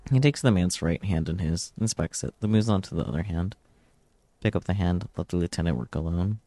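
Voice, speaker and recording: Playful low-voiced man reading game text. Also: lively intonation, a little fast, mellow, no room sound. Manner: playful, jokey, reads lines casually. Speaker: streamer.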